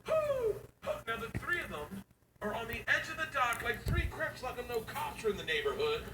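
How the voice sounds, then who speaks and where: A man in his forties doing stand-up comedy, his voice pitched high and swinging widely as he acts out characters and hoots like an owl. He is picked up from a distance in an echoey venue, with clear crowd noise behind him. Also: sing-song, fairly quick. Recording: echoey room recorded from far off, audience noise.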